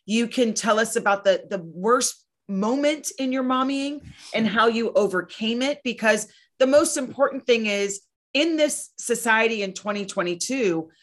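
A woman's voice: a little high, moderate pace, hardly any pauses, a bit bright. Earnest woman talking about parenting. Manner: earnest, emphatic, acts out quoted voices. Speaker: podcast host and guest speaker. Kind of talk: casual conversational chat.

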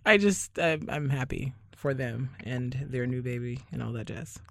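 A man's voice: mid-range voice, normal speed, creaky, fairly bright tone, no room sound. A young man from Barbados hosting a podcast in casual chat, sardonic and rambling, leaning heavily on fillers. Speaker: podcast host.

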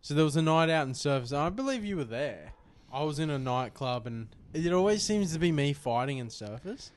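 A man's voice: fairly high pitch, lively intonation, brisk. A young Australian man co-hosting a podcast, rambling through a crude story full of swearing. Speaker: podcast co-host. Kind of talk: casual storytelling chat.

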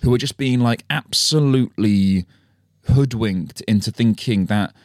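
A man's voice: medium pitch, measured pace, a little mellow, no echo, clean studio sound. A young British man co-hosting a podcast, ranting casually with lots of swearing and restarts. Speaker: podcast co-host. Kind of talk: casual chat.

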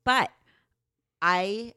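A woman with a mid-range, clear, resonant voice talks extremely slowly, recorded with no room sound. She co-hosts a candid couple's podcast, speaking animatedly, swearing freely, and acting out her partner's lines.

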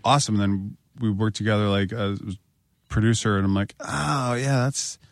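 A man's voice: lowish voice, brisk, no echo, studio quality. A man telling jokey stories in casual podcast chat. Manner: animated storyteller, jokey.

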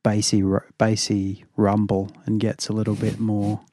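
A man co-hosting a podcast, his voice a little raspy after a long day, talking in a rambling, casual way and laughing often. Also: fairly low pitch, completely flat delivery, normal speed, mellow, no room sound, studio quality. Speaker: podcast co-host. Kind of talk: casual chat.

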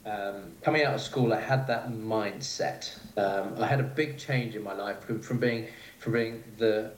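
In a casual interview chat, a male chef appears as a guest, speaking a little slowly in a lowish voice. He rambles hesitantly and laughs easily. The room is echoey with faint noise.

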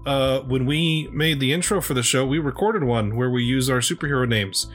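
Faint music plays behind this man, a podcast co-host speaking at medium pitch and a moderate pace. His casual chat rambles along with plenty of fillers, false starts and free-flowing profanity.

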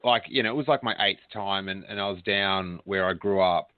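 A man's voice: low-pitched, fairly quick, no room sound. A man hosting a casual chat, joking and talking with many restarts. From Australia. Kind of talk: casual chat over a call. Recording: tinny call audio, dry.

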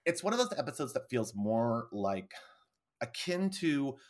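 A woman co-hosting a casual podcast, talking expressively and swinging between loud and soft. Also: rumbling low, very animated, measured pace. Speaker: podcast co-host.

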